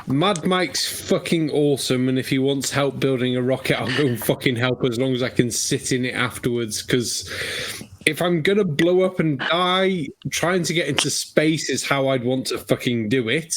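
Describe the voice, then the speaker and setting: A man's voice: medium pitch, moderate pace, a little hiss or hum. A man on a casual online panel, ranting and swearing heavily.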